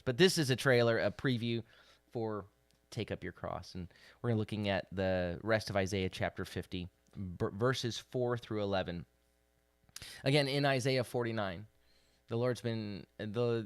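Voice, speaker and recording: A man, a rabbi, giving a livestreamed daily Bible teaching, halting with fillers and then pressing hard on the scripture. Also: on the low side, no room sound. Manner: halting with many fillers, rising to forceful emphasis on scripture. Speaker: rabbi leading a daily devotional.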